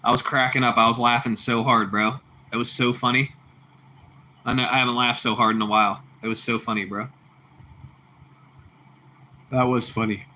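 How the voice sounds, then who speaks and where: A man's voice: medium pitch, little pitch movement, moderate pace, pauses often, bright, forceful tone. A man hosting a casual livestream and chatting with viewers. He laughs easily, repeats himself, and calls people bro and bucko. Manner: laughs a lot. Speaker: livestream host reading chat.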